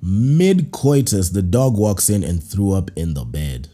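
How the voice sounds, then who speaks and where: Lively, husky-voiced man riffing loudly. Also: sits low. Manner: animated, quick to laugh, riffs in playful voices. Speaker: podcast host. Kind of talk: reading and reacting to listener stories.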